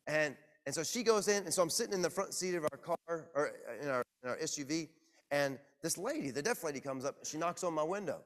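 A man preaching to his congregation, telling a personal story in a lively, self-mocking way. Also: a little high, brisk. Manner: animated, self-deprecating storyteller. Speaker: pastor. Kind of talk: sermon storytelling. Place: church.

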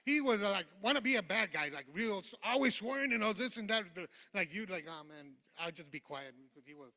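Lay preacher, male, high bright voice, fervent and informal testimony, amen-calling, church hall reverb. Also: animated, quick pace. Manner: fervent, calls out amen to the congregation; informal, rambling, with many fillers. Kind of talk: sermon testimony. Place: church sanctuary.

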